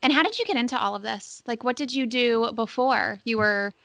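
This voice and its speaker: A woman hosting a podcast interview who reacts quickly and chats freely. Her voice is bright and tense and sits a little high. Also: animated, creaky. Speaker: podcast host. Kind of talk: interview questions.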